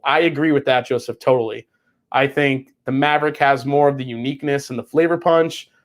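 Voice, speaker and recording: A man hosting a whiskey livestream in casual chat, rambling with restarts and swearing freely while reading chat messages. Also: medium pitch. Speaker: whiskey show host.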